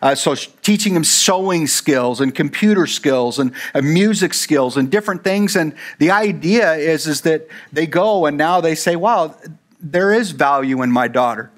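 High-voiced pastor preaching casually. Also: male voice, normal speed, few pauses. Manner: conversational, rambling with fillers and asides. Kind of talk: sermon. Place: church.

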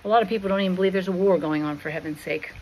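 A woman reading a Christian allegory aloud in a slow, expressive and dramatic way. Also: on the low side, a little hiss or hum, rough recording. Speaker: storyteller.

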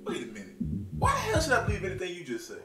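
A man's voice: high-pitched, wildly swooping pitch, rapid-fire, pushed and bright, reverberant, faint music behind, exaggerated voice. An actor playing a cocky, brash, wealthy male pro athlete who boasts and mocks on a phone call. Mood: boastful. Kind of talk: indie web drama acting.

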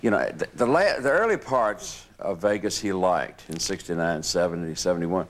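A man's voice: deep voice, lively intonation, normal speed. An older man in an interview, reflecting on past times and joining in the shared stories. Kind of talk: reflective reminiscing.

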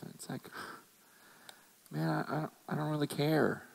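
A man's voice: a little high, level tone, unhurried, creaky, poor audio. A man preaching a sermon as a pastor, talking earnestly and conversationally and often repeating words as he restarts.

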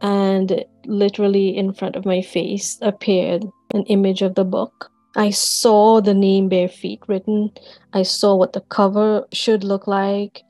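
A woman in her forties, an author and counselor, gives an earnest personal testimony in a deliberate, measured way, sometimes repeating words as she recalls the moment. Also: mid-range voice, little pitch movement, dark tone, no echo. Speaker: author and counselor sharing a near-death experience.

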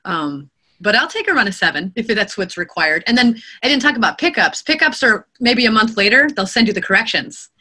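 A woman audiobook narrator and voice actor being interviewed, talking in an animated way, laughing often and acting out quotes. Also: on the high side, fairly quick. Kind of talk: interview conversation. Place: home studio.

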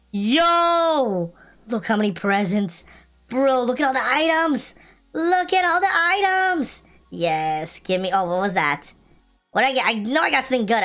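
A young adult woman giving casual gameplay commentary, pleading for good loot, complaining and then cheering. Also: medium pitch. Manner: excitable, pleading, complains then shouts with joy. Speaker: gaming video host. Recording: light music in the background.

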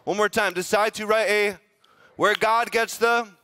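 High-voiced, bright pastor preaching. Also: male voice, steady tone, a little slow, clean tone. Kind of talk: sermon. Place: church.

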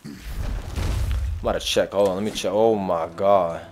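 A man's voice: low voice, fairly even intonation, normal speed, darkish tone, slight background noise. A young man giving casual gameplay commentary, exclaiming and swearing in frustration as he keeps losing. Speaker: gaming streamer.

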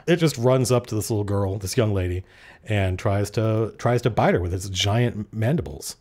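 A man's voice: on the low side, normal speed, darkish tone. A man narrating as game master at a tabletop game, casual and freely swearing as he works through the rules aloud.

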